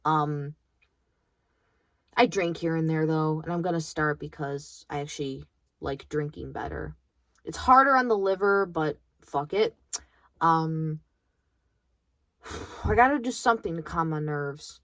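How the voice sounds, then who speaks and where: A woman's voice: low voice, unhurried, long pauses, a bit bright, no echo. A young woman in college venting bluntly about her grandmother, swearing freely in a bitter monologue. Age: young adult. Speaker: vlogger.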